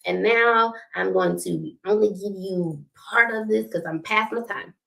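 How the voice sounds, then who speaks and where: Gravelly-voiced woman giving a preachy relationship talk. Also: medium pitch, measured pace, sharp tone. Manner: preachy, repeats key points, asks "right?" often. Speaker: host of a relationship talk stream. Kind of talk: motivational talk with faith references.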